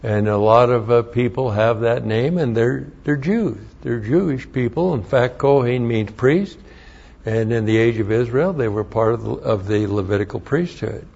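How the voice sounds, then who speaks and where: A man's voice: medium pitch, normal speed, vocal fry, a little mellow, lo-fi sound. A man preaching a verse-by-verse Bible lesson, spelling out Hebrew words letter by letter and repeating key phrases. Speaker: pastor.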